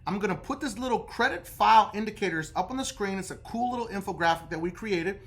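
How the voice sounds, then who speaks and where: A man's voice: high-pitched, lively intonation, fast talker. A man explaining credit repair steps in a casual, direct how-to talk. He keeps checking in with the listener, dropping "okay?" after nearly every point.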